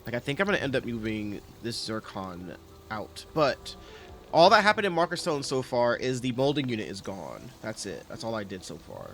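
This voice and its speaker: A man's voice: medium pitch, very animated, normal speed, a bit bright, soft background music. A man giving casual, rambling commentary over his factory-building game, correcting himself often as he talks. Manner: rambling, self-correcting, chatty. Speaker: game streamer.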